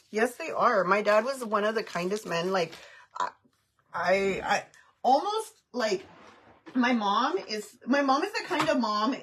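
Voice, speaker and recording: A woman's voice: mid-range voice, fairly bright tone, slight background noise. A woman chatting on a livestream, answering viewer comments in a frank, heated, rambling way.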